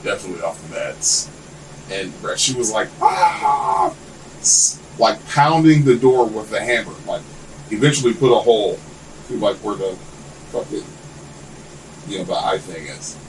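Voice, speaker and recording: A man with a fairly low voice spins loose, winding anecdotes, swearing freely as he goes. He sits some way back from the microphone, so the sound is a little distant. A faint air-conditioner hum runs underneath. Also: moderate pace, long pauses. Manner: rambling, animated storytelling with lots of swearing. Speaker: podcast guest. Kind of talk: casual chat.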